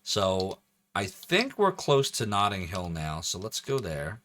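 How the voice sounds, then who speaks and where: A man's voice: low-pitched, wildly swooping pitch, unhurried, fairly bright tone. A man casually commentating as he streams a video game, thinking aloud and joking as he plays. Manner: chatty, thinks aloud, jokey.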